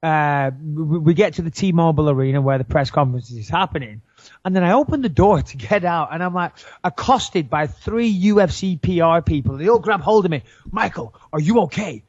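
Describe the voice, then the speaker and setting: A man's voice: fairly high pitch, lively intonation, brisk, no room sound, highs cut off. A British man co-hosting a podcast in casual chat, a rambling, laughing storyteller who admits to being argumentative. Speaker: podcast co-host.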